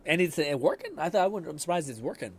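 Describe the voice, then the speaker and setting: Hoarse man streaming a game. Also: a little high, animated, rapid-fire. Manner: rambling, swears freely, reads chat aloud. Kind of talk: casual live-stream commentary.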